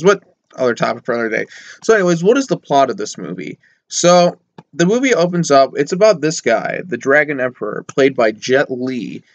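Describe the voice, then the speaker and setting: A man with a mid-range voice, recorded lo-fi with no echo, reviews a film casually. He rambles chattily, full of fillers and asides, and uses sarcastic mock voices when quoting characters.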